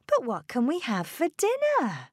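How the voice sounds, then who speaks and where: A woman voicing a worried, tearful mother in a storybook, speaking higher and with a slow, careful read-aloud delivery. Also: wildly swooping pitch, no room sound, studio quality, exaggerated voice.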